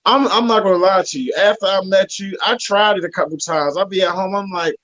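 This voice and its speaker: A man's voice: high voice, brisk, a bit bright, dry recording, lo-fi sound. A man hosting an interview show, talking casually in a hesitant way with many fillers and restarts. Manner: hesitant, filler-heavy, friendly "sis" address. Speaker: host.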